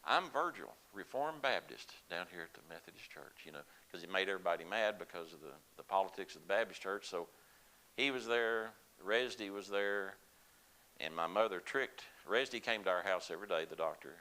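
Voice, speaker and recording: A man's voice: low voice, a little fast, bright, forceful tone, rough recording. An older man telling a personal story to a congregation in a folksy, conversational way. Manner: folksy, conversational, with laughs and asides. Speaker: lay speaker at a church service.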